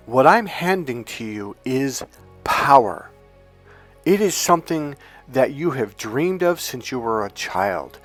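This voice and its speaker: A man coaching other men on dating and pitching his course, emphatic and profane, with frequent restarts. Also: sing-song, moderate pace, fairly bright tone, faint music behind. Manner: emphatic, profane, with lots of restarts and acted-out quotes.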